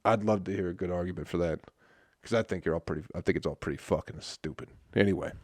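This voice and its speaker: A male comedian hosting a solo podcast, ranting in an exasperated, profane way with sudden loud outbursts. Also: deep voice, fast, dry recording, studio quality. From Flint, Michigan.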